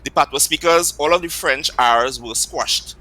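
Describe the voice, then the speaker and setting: A man's voice: fairly high pitch, normal speed, pushed and bright, rough recording. A man with a Trinidadian accent, a Patois teacher, patiently explaining the language with examples in an interview.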